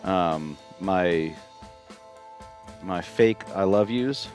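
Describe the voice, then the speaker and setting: A man's voice: low voice, very slow, darkish tone, faint music behind. A man co-hosting a casual live stream, debating his co-hosts in an easygoing way. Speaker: co-host. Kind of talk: casual chat.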